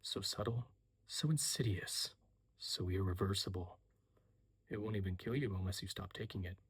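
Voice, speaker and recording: Man doing a tormented, intense young man; whispered role-play, breathy and low. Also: steady tone, a little slow. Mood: ominous. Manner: hushed, low and tense.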